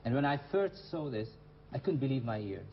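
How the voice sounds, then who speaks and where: A man's voice: medium pitch, big pitch swings, fairly quick, highs cut off, a little hiss or hum. A man hosting a televised English lesson who questions his students and repeats their answers back to them. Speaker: English teacher and show host. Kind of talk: classroom teaching. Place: TV studio classroom.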